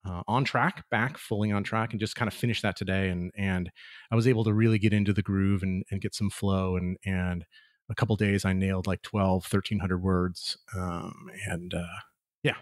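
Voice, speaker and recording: A man co-hosting a casual podcast chat, talking in a relaxed, halting way with many fillers. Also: sits low, no echo, clean studio sound. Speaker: podcast co-host.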